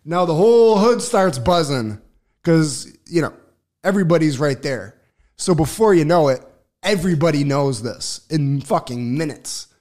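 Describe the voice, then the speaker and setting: A man telling a long personal story on a casual podcast, swearing freely, restarting sentences and getting loud when excited. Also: fairly high pitch, moderate pace. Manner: profane, rambling, lots of restarts and fillers; gets loud and excited when reliving events. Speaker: podcast co-host.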